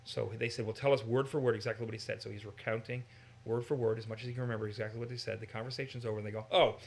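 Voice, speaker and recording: An American man teaching in a casual discussion, animated and given to acting out voices in his examples. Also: fairly low pitch, very fast, gravelly, a little hiss or hum. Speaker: Bible teacher.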